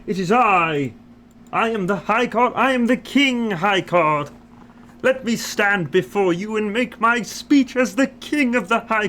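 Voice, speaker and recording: A man voicing a boastful, pompous playing card who calls himself king of the high cards, in a lofty proclaiming manner. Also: sharp tone, full character voice. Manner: grandiose, proclaiming.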